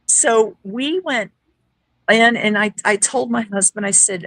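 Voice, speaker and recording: Here a guest who investigates the paranormal tells a casual story, voicing the quoted dialogue in a lively way. Her voice sits in the mid-range and she talks slowly. The recording is rough and has no room sound.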